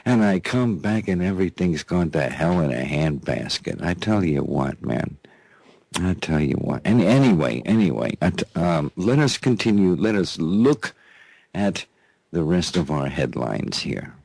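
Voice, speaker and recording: A man's voice: deep voice, lively intonation, a little slow, vocal fry, a little mellow, husky, dry recording. A man hosting a live talk radio show, delivering sarcastic news commentary with frequent mocking laughs and repeated phrases. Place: radio studio.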